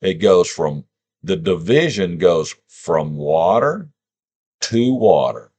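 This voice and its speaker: Male teacher, deep and unhurried, casual lesson talk that sounds words out aloud. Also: very animated, a little mellow, breathy edge. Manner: informal, sounds out words, rhetorical questions. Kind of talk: scripture lesson.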